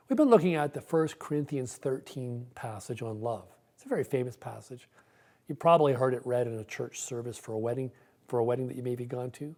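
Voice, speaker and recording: Middle-aged pastor guy, mellow warm tone, earnest sermon, repeats himself a bit. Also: medium pitch. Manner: earnest, reflective, with frequent repeats.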